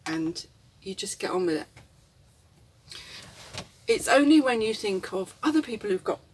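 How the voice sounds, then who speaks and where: A woman's voice: mid-range voice, big pitch swings, moderate pace, distant mic, a little hiss or hum. A woman, rambling reflectively and candidly in a casual vlog, often chuckling. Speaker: vlogger. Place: inside a camper van.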